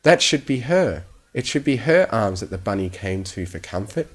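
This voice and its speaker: A man voicing a timid young female pegasus filly with a soft, quavering voice that hisses when she is upset, in a storybook reading. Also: fairly low pitch, very animated, moderate pace. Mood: bitter tearful.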